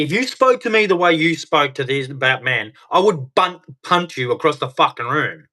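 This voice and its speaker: A man's voice: a little high, animated, normal speed, hardly any pauses, bright, forceful tone. A middle-aged man hosting a reaction video, ranting angrily at clips with heavy swearing. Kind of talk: angry reaction commentary.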